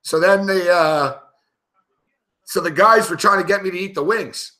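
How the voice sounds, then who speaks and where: Bright, swearing male betting host. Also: high voice, moderate pace. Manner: rambling, profane storytelling with frequent laughs. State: tipsy, recounting a night of drinking. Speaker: sports betting show host. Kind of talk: casual live betting commentary.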